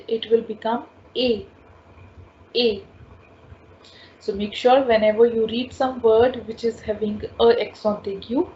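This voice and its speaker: Slow, patient woman teaching French. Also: on the high side, mellow. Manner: patient, repeats each word several times. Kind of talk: slow spoken language lesson. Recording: dull lo-fi audio with faint ambient noise.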